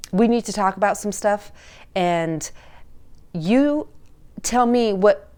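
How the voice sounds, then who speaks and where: A woman's voice: medium pitch, a little mellow. A woman who works as a teen relationship coach, giving casual, chatty advice straight to the camera and checking in with parents with "all right?" and "okay?".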